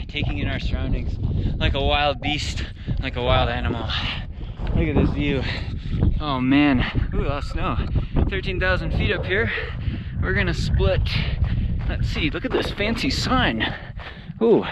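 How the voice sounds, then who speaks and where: A man narrating a trail run out loud in a casual, enthusiastic way, out of breath as he climbs a high mountain trail outdoors. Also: a little slow, very noisy. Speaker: trail running vlogger and coach. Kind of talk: casual vlog narration while running.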